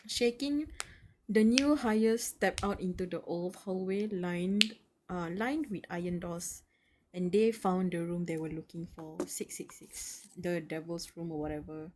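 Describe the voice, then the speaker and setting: A woman's voice: on the low side, steady tone, unhurried, noisy background. A young woman reads a story aloud for her stream, taking her time over each line. She sounds nervous and emotionally wound up, sighing and laughing between passages and tossing out casual slang. Her breathing sits right up close to the microphone. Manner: slangy, calls viewers bro and dude. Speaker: live-stream reader. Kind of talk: live reading of a web novel with reactions. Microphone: close mic, audible breathing.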